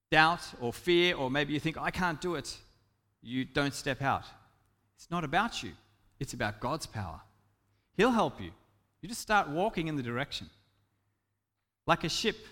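A man preaching a sermon as a pastor, swinging from loud emphatic lines to soft, intimate ones. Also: fairly high pitch, big-room sound.

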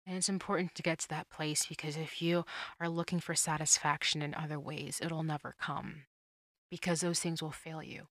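Young female podcast host, earnest and chatty, lowish pitch, dry close mic. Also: little pitch movement, moderate pace, a bit bright, dry recording. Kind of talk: solo faith podcast monologue.

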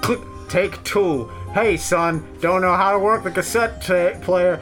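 A man's voice: high-pitched, unhurried, fairly bright tone, faint music behind. A man doing a crude Italian dad on tape. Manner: blunt and crude. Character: crude Italian father on a cassette.

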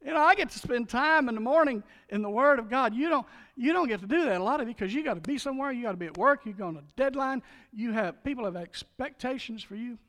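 A man preaching a sermon as a pastor, swinging from loud, driving calls to hushed, earnest appeals. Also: very high voice, expressive, quick pace, big-room sound.

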